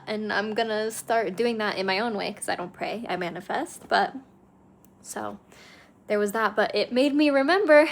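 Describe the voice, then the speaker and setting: A young woman vlogs casually while driving her car, venting frankly and swearing as she goes. Her voice is a little high, and the low-quality recording has no room sound.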